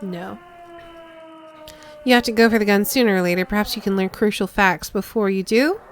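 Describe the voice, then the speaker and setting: A woman streamer reading a video game's text aloud in a lively way, with casual remarks of her own. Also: medium pitch, normal speed, a little hiss or hum.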